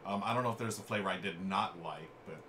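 A man's voice: sits low, fast, bright, forceful tone, a little hiss or hum. A man hosting a live game stream, chatting casually and reading viewer comments aloud at a desk mic. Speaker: streamer host. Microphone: desk microphone.

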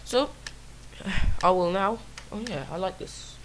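A woman with a rough voice giving casual, self-mocking commentary while playing a video game, often exclaiming at the action. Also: medium pitch, slow, long pauses, music in the background, poor audio. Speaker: gamer.

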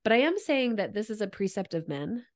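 A woman's voice: mid-range voice, big pitch swings, a little fast. A woman hosting a faith podcast, who muses earnestly and speaks in bursts of emphasis. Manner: earnest and musing, with frequent restarts and bursts of emphasis. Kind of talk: reflective faith conversation.

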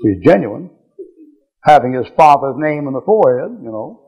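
Gravelly older preacher with a drawl. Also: male voice, mid-range voice, lively intonation, normal speed. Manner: folksy, blunt, chuckling asides. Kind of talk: bible teaching lecture. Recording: muffled old lecture tape.

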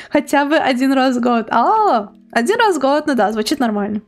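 A very high-pitched woman streaming as a VTuber, chatting casually with her viewers. She is bubbly and giggly and teases playfully as she greets people. Soft music plays faintly behind her. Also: sing-song, moderate pace.

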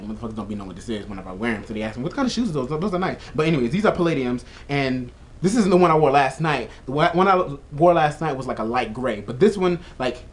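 Profane, animated young man ranting. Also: on the high side. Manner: profane, animated storytelling with lots of "like". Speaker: vlogger. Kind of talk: casual vlog rant.

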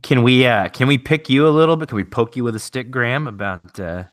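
A man's voice: mid-range voice, lively intonation, brisk, dry recording, clean studio sound. A man from the United States hosting a podcast, enthusiastic, joking and full of praise in a casual interview. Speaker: podcast host.

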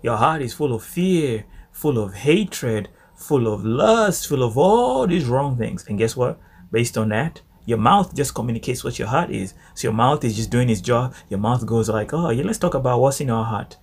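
A man teaching a devotional Bible study in an animated way, repeating phrases for emphasis. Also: medium pitch, moderate pace, husky.

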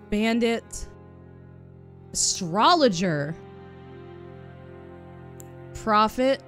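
A woman streaming a video game live, excitable and giggly as she thinks aloud. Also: mid-range voice. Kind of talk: live gaming stream chat. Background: game music.

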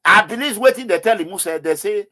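Excitable Nigerian man hosting a call-in show. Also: high voice, brisk. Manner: excitable, mixes Nigerian Pidgin into English. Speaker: host of a call-in political show. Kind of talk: animated political commentary with callers.

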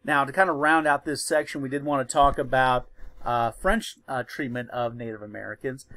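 A man's voice: medium pitch, steady tone, normal speed, bright, forceful tone, no room sound. A male history teacher lecturing in a loose, conversational way, with many fillers and restarts.

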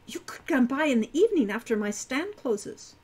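A woman doing a prim young centaur girl from a storybook, high and lively, speaking in careful formal sentences. She sounds earnest and a little proper. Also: normal speed, breathy edge, full character voice. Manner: formal, avoids contractions. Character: prim fourteen-year-old centaur farm girl.

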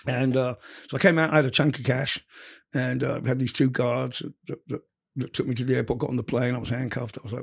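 A middle-aged man telling wild stories from his past in an interview, animated and full of swearing. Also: mid-range voice, gravelly, husky. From England. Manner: animated, profane, quick storyteller. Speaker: interview guest. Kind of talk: storytelling in casual conversation.

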